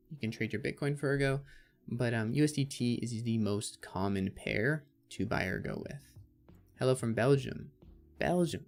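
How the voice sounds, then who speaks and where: A man's voice: medium pitch, creaky, a little mellow. Chatty man hosting a livestream. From Canada. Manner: chatty, reads out viewer comments and answers them. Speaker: crypto livestream host. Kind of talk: casual livestream chat.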